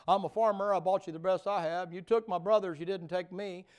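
A sulking, resentful young farmer , as a preacher puts him on in a sermon, whining and indignant. His voice climbs high and pushes loud when he complains. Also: fairly even intonation, fairly quick, clean tone, close to an everyday voice. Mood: whiny. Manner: whiny, pleading and indignant.

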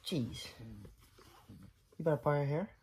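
A man's voice: a little high, measured pace, darkish tone, a little hiss or hum. A man in a car chatting casually, with slangy, laid-back teasing. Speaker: vlogger, the boyfriend. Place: inside a car.

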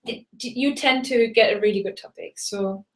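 A woman with a fairly high voice speaks at a normal pace while hosting a live webinar as a German teacher. She's casual, switching between German and English with fillers and restarts, and the room echoes noticeably.

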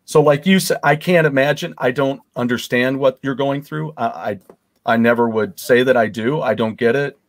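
Male host, mid-pitched voice, dry sound, empathetic storyteller. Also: moderate pace, dry recording. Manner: empathetic, storytelling, frequent fillers. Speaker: podcast host. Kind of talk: casual interview chat.

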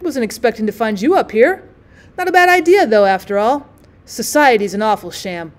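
A woman reading the part of a breezy, slangy young society gentleman in a storybook. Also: fairly high pitch, animated, normal speed, natural voice. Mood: awkward. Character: bemused young male society traveler.

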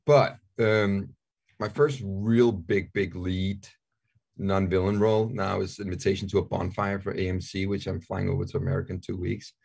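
Speaking low with fairly even intonation, this man talks at a moderate pace with vocal fry and a somewhat mellow, husky sound. He is a Dane in his forties with a Danish accent, a candid, joking interview guest who repeats himself often in casual conversation.

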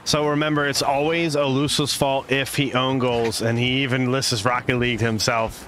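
A man's voice: medium pitch, little pitch movement, normal speed, a bit bright. A man hosting a stream and adding playful, jokey color commentary, greeting viewers along the way.

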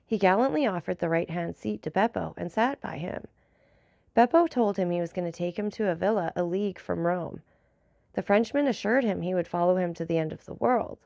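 A woman narrating a classic novel as an audiobook in a measured, formal reading. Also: fairly low pitch, creaky, a little mellow, dry recording, studio quality.

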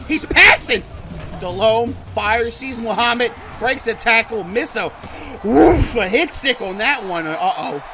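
A man doing excited gameplay commentary for his channel, swinging between muttered play-by-play and outbursts of shouting and cursing. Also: very high voice, unhurried. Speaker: gaming channel host. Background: game music.

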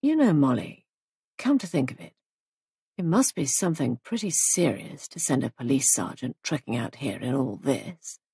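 A woman voicing a young husband who talks in a gloomy, matter-of-fact way, dropping her voice lower. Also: lively intonation, moderate pace, creaky, breathy edge, no room sound, studio quality, heavily acted.

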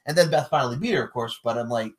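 A man hosting a casual chat, animated and joking, with sudden loud bursts. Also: medium pitch, rapid-fire. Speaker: podcast host predicting wrestling matches.

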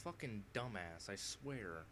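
A man hosting a gaming session, swearing and complaining loudly in casual chat with friends. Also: lowish voice, animated, slow, noisy background. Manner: swearing, exasperated, loud. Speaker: gamer, channel host.

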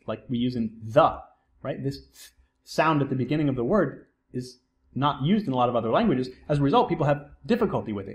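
A man's voice: mid-range voice, a little mellow. Man lecturing, answering his own questions. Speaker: psychology instructor.

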